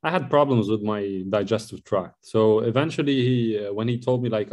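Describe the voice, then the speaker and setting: A man from Lebanon, telling his own story in an interview in a rambling, halting way. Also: lowish voice, darkish tone. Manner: rambling, with many fillers and restarts. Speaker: guest.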